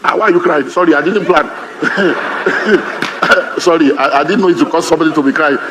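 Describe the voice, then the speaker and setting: A man with a Nigerian accent preaching a sermon as pastor, humorous and lively, mimicking other people's voices. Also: fairly high pitch, moderate pace, heavy background noise. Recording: reverberant hall, faint ambience.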